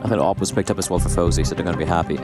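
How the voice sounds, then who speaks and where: A man doing esports color commentary on a headset, talking through plays quickly and trading jokey banter. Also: low voice, fairly even intonation, over loud music.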